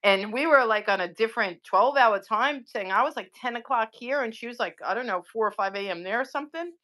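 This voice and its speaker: A woman's voice: a little high, brisk, sharp tone. A woman with a New York accent, chatting casually and at length on a livestream. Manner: rambling, talkative. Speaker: livestream guest. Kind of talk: casual live chat.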